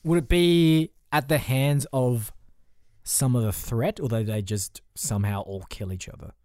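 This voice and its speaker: A man co-hosting a podcast in casual comedic chat, playful and quick to agree, laughing often. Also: mid-range voice, mellow, dry recording, clean studio sound. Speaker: podcast co-host.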